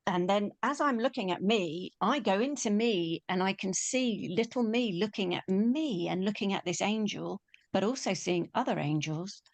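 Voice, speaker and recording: A woman, telling a personal story in an animated way and acting out the quoted voices. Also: mid-range voice, dry recording. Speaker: spiritual teacher.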